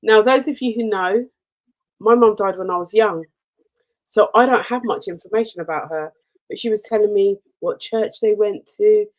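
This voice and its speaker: Woman, radio co-host, storytelling, mid pitch, expressive. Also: moderate pace, low-quality recording. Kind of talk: casual radio chat.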